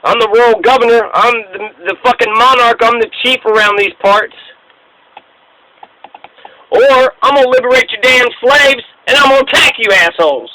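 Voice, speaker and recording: A man's voice: extremely high pitch, normal speed, pushed and bright, voice pushed up, poor audio. A man voicing a boastful royal governor who threatens rebels with profanity. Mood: threatening. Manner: swaggering, threatening.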